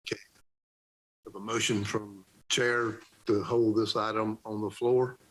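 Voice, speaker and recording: A man serving as mayor, chairing a council meeting in a brisk, procedural way. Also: on the low side, little pitch movement, fairly bright tone, rough recording. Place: city council chamber.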